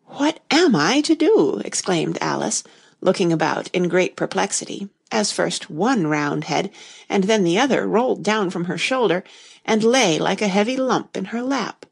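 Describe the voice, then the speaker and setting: A woman reading a children's storybook aloud in a gentle, measured way. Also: medium pitch, vocal fry, husky. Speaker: narrator.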